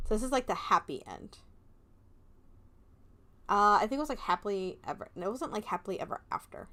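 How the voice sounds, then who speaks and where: A woman's voice: medium pitch, animated, fairly quick, pauses often, bright, forceful tone. A young woman streamer playing a game and reading its text aloud, chatting playfully and giggling between lines.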